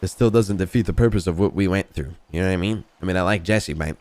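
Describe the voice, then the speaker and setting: A man with a very low voice tells a long story in character, swearing freely and circling back with "you know what I mean." The sound is dry and close, with no room around it. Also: quick pace, a little mellow, dry recording. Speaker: roleplay gamer. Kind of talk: in-character roleplay chat.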